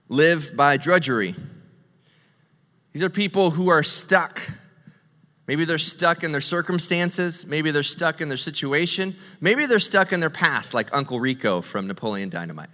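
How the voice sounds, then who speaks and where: A middle-aged man preaching a sermon from a church stage, animated and joking, slipping into quick impressions. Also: on the high side, in a large hall. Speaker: pastor.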